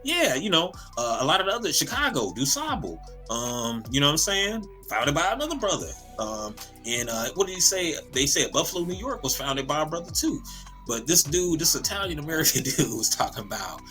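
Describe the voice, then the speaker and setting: A man with a bright, forceful voice that swings widely in pitch, co-hosting a laid-back podcast. He talks in a rowdy, profane way, restarts his sentences and laughs a lot. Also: a little fast, soft background music. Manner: animated, profane, laughs often, repeats words. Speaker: podcast co-host. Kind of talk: casual comedic podcast chat.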